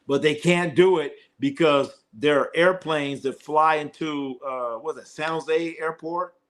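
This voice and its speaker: Animated Bay Area man streaming sports talk. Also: fairly high pitch. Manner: animated, joking, reads chat comments aloud. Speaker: sports show host.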